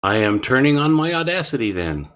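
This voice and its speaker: A man's voice: mid-range voice, big pitch swings, brisk, a bit bright. A man co-hosting a podcast, chatting casually and cracking jokes before the show. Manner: wisecracking, rambling. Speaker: podcast co-host. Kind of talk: casual pre-show chat.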